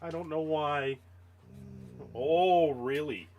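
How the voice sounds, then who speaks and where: A man's voice: fairly high pitch, slow pace, a little mellow, muffled recording, slight background noise. A man casually chatting on a live stream, greeting viewers and playing with his dog, laughing often. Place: home.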